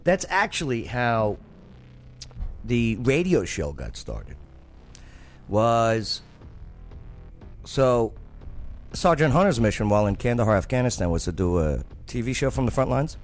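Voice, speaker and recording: A man's voice: medium pitch, sing-song, a little slow, pauses often, faint music behind. A man with a New Jersey accent, hosting a radio show and telling stories in casual chat, acting out other people's lines as he goes. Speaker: radio show host and former army journalist.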